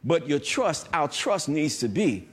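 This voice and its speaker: A male pastor preaching a lively sermon, reading scripture slowly with emphasis and tossing call-and-response asides to the congregation. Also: a little high, husky.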